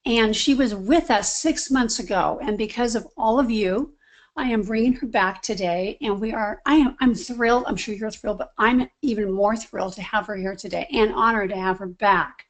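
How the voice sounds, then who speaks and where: A woman's voice: mid-range voice, normal speed. A woman hosting a webinar on a video call, introducing her guest with effusive enthusiasm. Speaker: webinar host.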